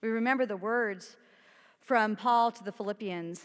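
A woman's voice: medium pitch, moderate pace. A woman pastor preaching a sermon in a conversational, emphatic way, asking her congregation questions. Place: church sanctuary. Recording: long church reverb.

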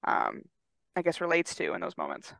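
A woman's voice: low voice, huge pitch swings, normal speed, gravelly, heavy background noise. A woman co-hosting a sports podcast, talking candidly and reflectively in casual chat, swearing casually. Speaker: podcast co-host and athlete.

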